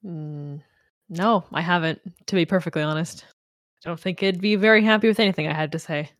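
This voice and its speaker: A woman's voice: fairly low pitch, no echo, clean studio sound, natural voice. A woman voicing a guarded, grieving young woman adventurer in a tabletop game, speaking hesitantly with many restarts. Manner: hesitant, halting, full of restarts.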